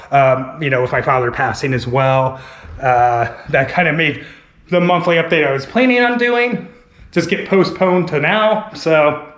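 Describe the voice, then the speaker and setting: Slightly hoarse male vlogger, casual rambling delivery, fairly high voice, roomy echoing recording with long tail. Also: fairly bright tone. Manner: rambling, full of "like" fillers. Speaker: vlogger and online reseller. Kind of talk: casual talk to camera. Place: inside a house. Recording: echoey room with long reverb.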